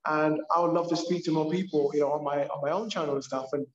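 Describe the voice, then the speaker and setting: A man with a London accent, a purpose coach talking as a podcast guest in an animated, emphatic way. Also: on the high side, fast. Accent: London English. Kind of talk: casual podcast conversation. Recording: echoey, dull lo-fi sound.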